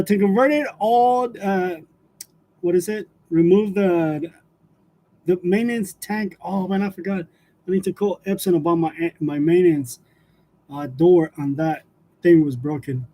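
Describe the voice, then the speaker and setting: A high-voiced man chats loosely with his livestream viewers. He laughs often, trails off with fillers and drifts from story to story. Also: slow, long pauses, mellow. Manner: laughs often while telling stories, chatty with fillers. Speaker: livestream host. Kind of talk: casual livestream chat with viewers.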